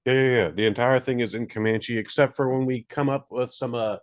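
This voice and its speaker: A man's voice: mid-range voice, a little fast. A man co-hosting a podcast, reviewing a movie in casual, rambling chat with many fillers and jokes at his own expense. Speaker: podcast co-host.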